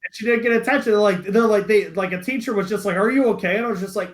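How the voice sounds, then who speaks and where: Casting: young male podcaster, high-pitched, animated, swears freely while recounting a school story. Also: rapid-fire. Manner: animated, profane, acts out quoted voices. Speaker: podcast co-host. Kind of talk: casual storytelling chat.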